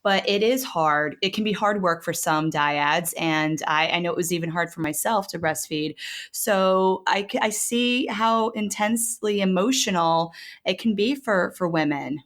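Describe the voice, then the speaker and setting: A woman chiropractor hosts the interview in a notably low voice. She affirms her guest warmly in words and adds her own thoughts, often hesitating with fillers as she searches for the right phrase. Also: measured pace. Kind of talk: interview conversation.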